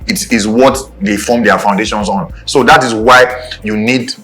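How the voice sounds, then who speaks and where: Animated Nigerian man chatting. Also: on the low side, moderate pace. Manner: animated, repeats "do you understand". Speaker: podcast co-host. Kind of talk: casual chat.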